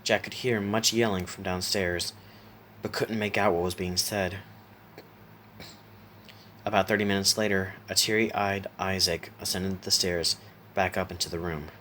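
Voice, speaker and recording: A man reads a horror story aloud in a low, steady voice, sometimes stopping to correct himself. A faint hiss sits behind the voice. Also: measured pace, pauses often. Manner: steady reading with small self-corrections. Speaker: narrator.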